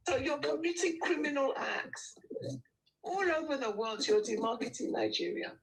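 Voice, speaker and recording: A high-pitched woman calling in to a heated debate show. Her voice swings widely as she makes her accusations in an indignant tone. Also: lively intonation, moderate pace, creaky, low-quality recording. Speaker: caller. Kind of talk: call-in debate.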